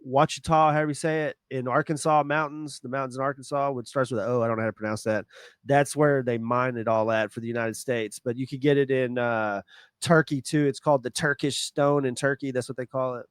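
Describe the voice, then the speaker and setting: Man, podcast co-host, smooth resonant voice, dry close sound, stop-start explaining. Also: mid-range voice, no echo. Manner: halting explanations with many restarts. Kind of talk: casual podcast chat.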